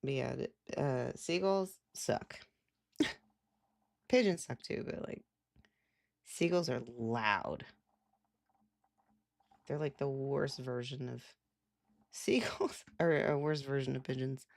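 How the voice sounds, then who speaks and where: A woman's voice: very deep voice, slow, creaky, pauses often, darkish tone. A young adult woman live streamer chatting casually, rambling with lots of "like" fillers and laughs. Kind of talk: casual chat.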